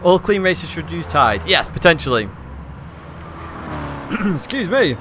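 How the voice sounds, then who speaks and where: A slightly hoarse man, hosting a live esports race stream from a hot room at home and commentating in a chatty, upbeat, rambling way. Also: a little high, very animated, slow pace, bright, forceful tone, a little hiss or hum.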